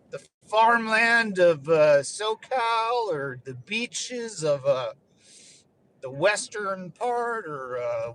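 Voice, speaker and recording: A man's voice: high-pitched, a bit bright, slight background noise. A young man and former Marine rambling casually while driving, swearing and laughing now and then. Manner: loose, swearing, laughing asides. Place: in a car.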